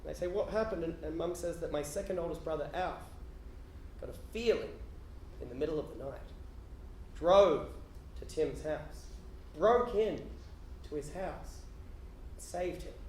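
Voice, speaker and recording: An Australian man doing stand-up storytelling, stammering restarts and swinging from hushed to shouting. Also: fairly high pitch, unhurried, long pauses, reverberant, slight background noise. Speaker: storyteller comedian. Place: theatre stage with live audience.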